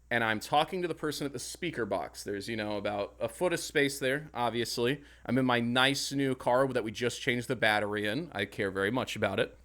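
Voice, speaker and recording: A young man co-hosting a podcast, telling a story in casual chat, animated and swearing as he acts out his own angry outbursts. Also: medium pitch. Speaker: podcast co-host.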